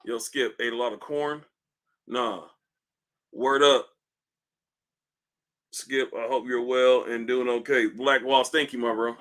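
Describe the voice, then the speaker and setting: A man hosting a casual livestream, reading comments aloud in a loose, profane, animated way while in back pain. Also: mid-range voice, slow pace, pauses often. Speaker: livestream host. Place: indoors at home, seated.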